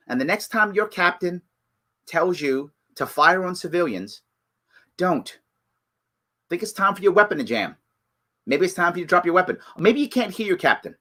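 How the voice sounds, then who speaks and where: A middle-aged man with a bright, forceful voice holds forth as host of a live show. He talks emphatically, hammering his points through repetition, now pleading, now scolding. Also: sits high, big pitch swings, normal speed, long pauses. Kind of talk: impassioned live commentary.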